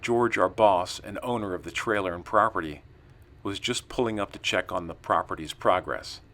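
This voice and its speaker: Male narrator, low-pitched, calm scripted storytelling with acted-out dialogue. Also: normal speed. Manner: calm storytelling, acts out quoted lines.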